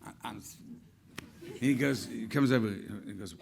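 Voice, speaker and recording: A man's voice: medium pitch, a little slow, creaky, slight background noise. An older man, an actor, telling chatty anecdotes on stage with frequent laughs. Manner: chatty, laughs often, acts out quotes.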